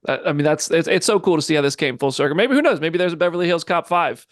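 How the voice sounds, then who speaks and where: A man's voice: fairly high pitch, quick pace, dry recording, studio quality. A man hosting an entertainment interview, asking eager, chatty questions. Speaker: interviewer host.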